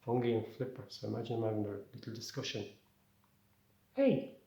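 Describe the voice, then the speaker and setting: A man's voice: fairly low pitch, level tone, racing, gravelly, warm tone, roomy sound. An Irish man doing a rambling, conversational stand-up set. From Ireland. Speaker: stand-up comedian.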